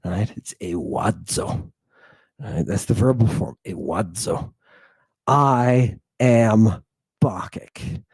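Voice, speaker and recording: A man's voice: mid-range voice, slow, a little mellow, husky, no room sound. A man giving an impassioned lecture on ancient texts. He talks emphatically, repeats his phrases and keeps checking with "right?".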